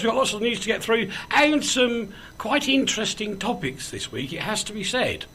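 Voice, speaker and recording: A man's voice: high-pitched, big pitch swings, moderate pace, sharp tone, a little hiss or hum. A man hosting a casual radio chat show, joking and rambling with frequent ums as he moves between banter and news. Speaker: host.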